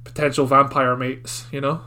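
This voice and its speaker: A man's voice: medium pitch, flat delivery, normal speed, sharp tone. A man co-hosting a casual podcast chat, joking, swearing and laughing often. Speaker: podcast co-host.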